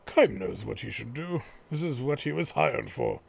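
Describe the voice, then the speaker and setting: Gravelly-voiced man reading a game story. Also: mid-range voice, sing-song, moderate pace. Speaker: let's play host. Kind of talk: slow dramatic narration of game text.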